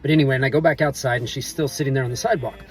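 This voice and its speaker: A man's voice: medium pitch, fairly even intonation, racing, faint music behind. A middle-aged man vlogging, telling a story in a rambling, offhand way full of loose filler phrases. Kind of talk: casual storytelling to camera. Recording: voice a bit distant from the mic.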